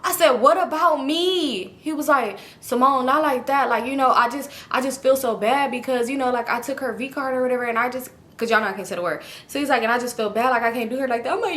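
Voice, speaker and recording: A young adult woman, telling a personal story casually and acting out quoted lines with sudden jumps in pitch. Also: fast, hardly any pauses. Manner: animated, acts out quotes with big pitch jumps. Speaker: storytime vlogger.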